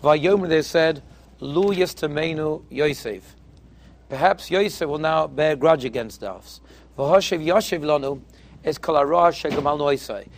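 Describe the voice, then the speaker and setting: A man's voice: on the high side, normal speed, a little hiss or hum. A man teaching a Torah class on the weekly portion, telling a story and weaving Hebrew phrases into his English.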